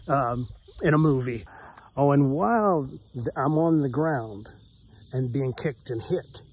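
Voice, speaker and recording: Brief: middle-aged male storyteller, ordinary mid voice, halting and urgent, faint cricket noise behind. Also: medium pitch, darkish tone, poor audio. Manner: rambling and intense, with many restarts and "you know"s. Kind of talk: telling a true story from his youth.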